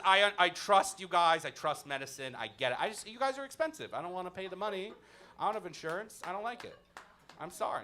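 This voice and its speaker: A male stand-up comedian working a club crowd, his voice high and bright with wide swoops in pitch. He swings into mock outrage and quick crowd work. Audience laughter rises faintly behind him.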